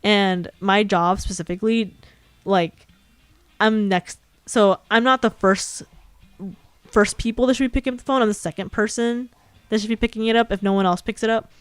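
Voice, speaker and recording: A woman's voice: medium pitch, steady tone, normal speed, clear, resonant tone, no echo. A young woman with a Californian accent, rambling and giggling through a casual stream chat.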